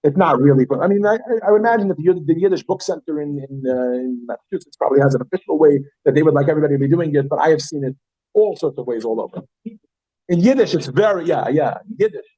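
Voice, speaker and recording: Animated male teacher in a classroom. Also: on the high side, fast, breathy edge, no room sound, dull audio. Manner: animated, chatty, self-interrupting. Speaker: Yiddish teacher. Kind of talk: classroom lesson.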